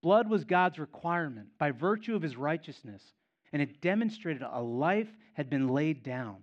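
A man's voice: on the high side, expressive, normal speed, lo-fi sound. A man preaching a sermon as pastor, emphatic and repeating key phrases for effect.

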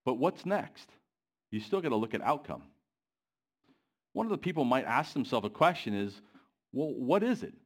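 A man delivering a sermon in a church, often pausing to put questions to the congregation. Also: mid-range voice, very animated. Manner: asks the congregation questions, pacing varies. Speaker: preacher.

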